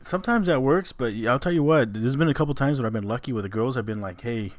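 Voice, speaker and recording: A man's voice: medium pitch, animated, quick pace, no echo. A man co-hosting a podcast in casual chat, joking and laughing as he acts out quotes in his stories. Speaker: podcast co-host.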